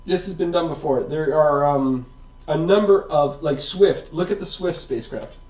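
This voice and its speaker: Recorded at a distance from the mic in an echoey room, a science video host rambles casually through an explanation. His voice is fairly high with a darkish tone at normal speed, and he keeps asking "right?" and "okay?"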